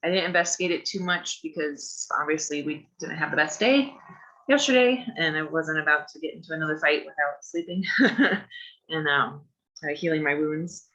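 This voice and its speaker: Low-voiced woman playing a tabletop game. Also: moderate pace, sharp tone, poor audio. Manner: rambling, chatty with filler words. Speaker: player. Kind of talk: in-character tabletop game talk.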